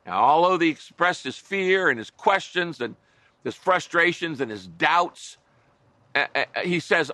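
A man's voice: fairly high pitch, expressive, a little slow, bright, forceful tone, dry recording. A middle-aged man preaching a sermon as a pastor, earnest and conversational, with wry asides to his listeners.

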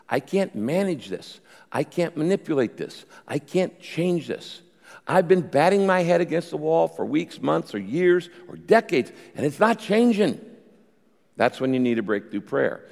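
A pastor delivering a sermon, preaching emphatically with sudden rises in pitch and loudness. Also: male voice, creaky. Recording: long reverb of a large hall.

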